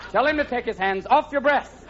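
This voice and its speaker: A man's voice: very high voice, fairly quick, heavy background noise. A man performing live stand-up comedy on a theater stage, jumping manically between silly character voices. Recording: lo-fi live recording with loud laughing crowd.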